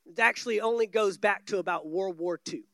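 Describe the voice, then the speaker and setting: A man's voice: high-pitched, brisk, bright, forceful tone, dry recording. A man preaching a sermon from a church stage, emphatic and repeating key words for stress. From United States.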